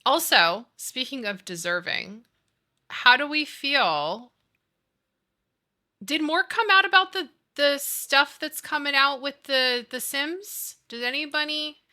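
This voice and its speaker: A woman in her thirties chatting casually with her live stream audience, telling stories with lots of laughter and excitable energy. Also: sits high, takes it slowly. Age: 30s. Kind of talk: casual chat while playing a game.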